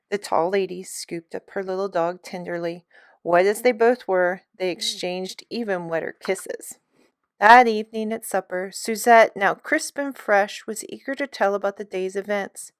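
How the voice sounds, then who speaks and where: Smooth-voiced woman reading a storybook. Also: medium pitch, normal speed, no echo, clean studio sound. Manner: expressive, lively storytelling. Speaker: storybook reader for an art class. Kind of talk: storybook read-aloud.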